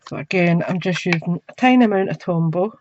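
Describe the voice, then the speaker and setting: A woman's voice: fairly low pitch, brisk, a little mellow, muffled recording, slight background noise. A woman giving a crafting tutorial from her desk at home, chatting as she works with her hands. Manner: chatty, talks while working with her hands. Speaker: craft demonstrator. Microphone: camera mic.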